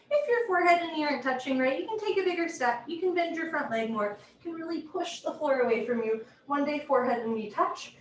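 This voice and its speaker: A woman teaching a live yoga class from home, giving brisk, clipped posture cues with a light, playful touch. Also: high-pitched, a little hiss or hum. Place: home room. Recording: roomy echo, heard from a distance.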